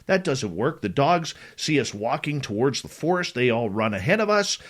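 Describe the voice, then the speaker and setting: A middle-aged man hosting a talk radio show, spinning a story out loud. His pitch swings up and down as he acts out each line of dialogue. He keeps it casual and dramatic throughout. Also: normal speed. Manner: animated, dramatic retelling with quoted dialogue. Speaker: radio show host telling a personal story.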